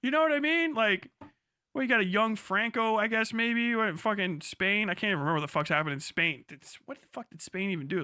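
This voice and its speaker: High, profane, incredulous man. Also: a little fast, pushed and bright, smooth, no echo, studio quality. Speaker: livestreamer. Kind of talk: crude reaction commentary.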